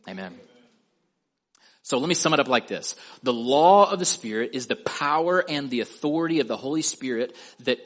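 Man preaching with slow, stressed endings. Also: mid-range voice, fairly bright tone. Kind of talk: sermon.

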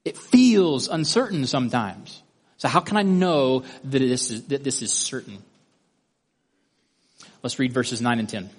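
A man's voice: mid-range voice, animated, a little slow, pauses often, husky. Methodical male Bible teacher. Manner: methodical, guiding listeners step by step through a drawing. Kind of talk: Bible study lesson.

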